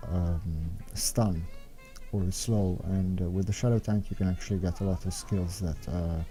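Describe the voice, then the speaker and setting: Low-pitched and dark in tone, this young man's voice carries loose, unplanned strategy commentary over gameplay footage. He's a game strategy guide maker, wandering through his thoughts out loud as he explains.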